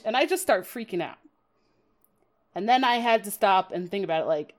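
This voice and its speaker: A woman's voice: medium pitch, big pitch swings, moderate pace, darkish tone. A woman hosting a podcast, chatting casually and laughing at herself. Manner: chatty, self-deprecating, laughs often, dramatic quoted asides. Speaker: podcast host. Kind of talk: casual podcast talk about card game strategy.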